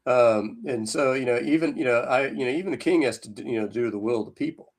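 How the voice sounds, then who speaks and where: This man co-hosts a podcast, talking fast at a medium pitch with a Southern US accent. The chat is casual, rambling, and packed with fillers.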